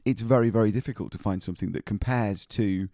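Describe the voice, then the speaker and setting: A man co-hosting a podcast, chatting casually and joking with quick laughs about life as a touring musician. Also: on the low side, warm tone, dry recording, studio quality. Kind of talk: casual chat.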